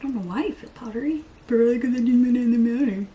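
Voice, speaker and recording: A woman's voice: on the high side, fast talker, hardly any pauses, dark tone, slight background noise. A woman chatting casually to her viewers while doing her makeup, rambling and poking fun at herself. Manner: rambling, self-mocking, breaks into playful voices and laughs. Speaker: beauty vlogger. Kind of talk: chatty get-ready-with-me vlog.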